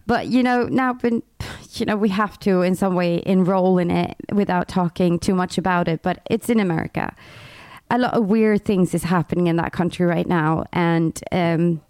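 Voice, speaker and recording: A woman's voice: fairly low pitch, moderate pace, a little mellow, smooth, no room sound. Opinionated woman co-host, dry sound. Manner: opinionated, repeats words when starting. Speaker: radio co-host. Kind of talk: casual chat.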